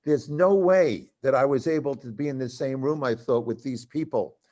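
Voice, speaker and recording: An older man spins a live story for an audience. His pitch sits mid-range, and he acts out the other characters in his anecdotes. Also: normal speed. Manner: animated, acts out other people's voices in quotes. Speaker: comedy writer telling stories to an audience. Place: cultural center venue, live event.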